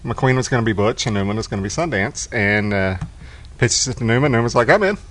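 A man's voice: lowish voice, fast, a bit bright. A man with a Texan accent co-hosting a podcast, telling stories and cracking jokes in casual chat. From Texas. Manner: joking, storytelling. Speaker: podcast co-host.

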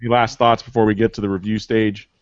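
A man's voice: on the low side, little pitch movement, quick pace, dry recording, lo-fi sound. A man hosting a casual cigar review chat, teasing his guests and keeping the talk moving. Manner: easygoing, teasing, moves the talk along. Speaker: host.

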